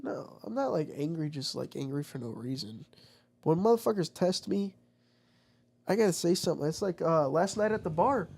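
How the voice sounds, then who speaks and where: Gravelly, profane man telling stories. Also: a little high, moderate pace. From United States. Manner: profane, rambling, animated storytelling. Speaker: vlogger. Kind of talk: casual chat.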